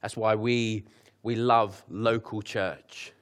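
A young man preaching a sermon, chatty and joking, then reading scripture slowly with lifted emphasis. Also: lowish voice, fairly even intonation, a bit bright. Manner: conversational, laughs at his own asides.

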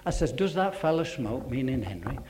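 A man telling his church testimony to a congregation, earnest, dropping to a hush for quoted voices. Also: medium pitch, very animated, fairly quick, background noise.

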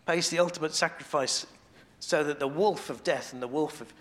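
A man with a somewhat raised pitch delivers a sermon in an easy, conversational way. He thinks aloud, doubles back on phrases, and sinks into a hushed, intimate tone when a point turns personal. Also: normal speed. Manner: conversational, thinking aloud with restarts and soft asides; drops to a quiet, intimate tone on devotional points. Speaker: preacher.

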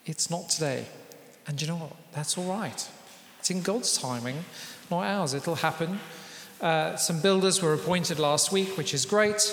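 A man's voice: fairly high pitch, unhurried, fairly bright tone, a little hiss or hum. A British man preaching a sermon to his congregation, in a conversational style with asides to the people in the room. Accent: British English. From Britain. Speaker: pastor. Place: large church hall. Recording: echoey church hall with long reverb.

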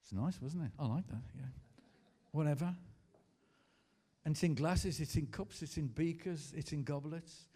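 A man preaching a sermon to a congregation in a school hall. His voice is mellow and dark-toned, pitched a little high, and he swings from slow, hushed reading to emphatic declarations, pausing for the room to answer back. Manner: emphatic preaching with call-and-response. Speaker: pastor.

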